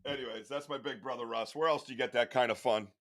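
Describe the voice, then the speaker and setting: A man hosting a casual podcast, loud and laughing often, who swears freely as he tells stories. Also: medium pitch, steady tone, fast, crowd noise. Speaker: podcast host.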